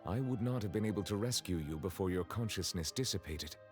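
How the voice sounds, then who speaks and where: Game casting: a composed dragon judge, formal and measured, lowish voice. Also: male voice, animated, slightly rough, faint music behind. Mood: calm. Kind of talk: game voice acting.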